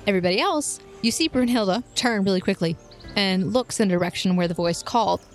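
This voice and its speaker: A woman's voice: mid-range voice, brisk, faint music behind. A woman narrating as game master of a tabletop game in a casual, chatty way with many fillers.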